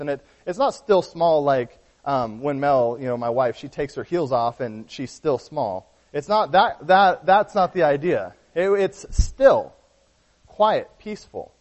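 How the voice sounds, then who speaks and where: A man's voice: a little high, expressive, unhurried, darkish tone. A man preaching a sermon, teaching earnestly through a Bible passage and often restarting his sentences. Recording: dull lo-fi sound with long hall reverb.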